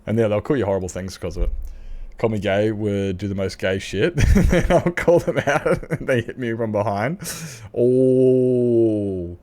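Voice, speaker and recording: A man's voice: fairly low pitch, moderate pace, darkish tone. An Australian man chatting casually and candidly as a livestreamer while gaming, swearing freely and laughing often.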